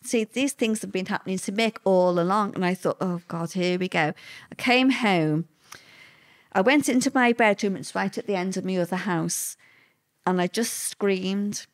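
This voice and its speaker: Older woman, interview guest, halting, emotional, lots of ums, mid-pitched voice. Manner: halting, emotional, many fillers and restarts. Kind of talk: personal interview recollection.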